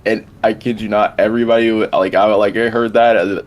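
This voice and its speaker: Man, guest on a gaming stream, low pitch, rambling, repeats phrases, lots of fillers. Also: fairly even intonation, brisk. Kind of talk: casual gaming stream debate.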